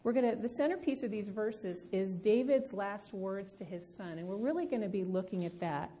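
Middle-aged woman teacher, mellow and unhurried, reflective, ums often, to a live room. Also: medium pitch. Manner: reflective, personal, frequent ums. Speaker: Bible study teacher. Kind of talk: teaching talk.

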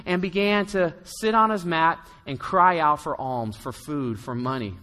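Man, pastor, high voice, bright tone, conversational storytelling sermon, long hall reverb. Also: a little slow. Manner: storytelling, conversational, acts out quotes.

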